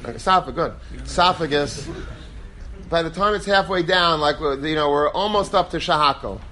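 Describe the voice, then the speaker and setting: Male rabbi, lively Torah class, high voice, mimics quoted speakers. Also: normal speed, a little hiss or hum. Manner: animated, acts out quoted voices; lively storytelling, peppered with Hebrew and Yiddish terms.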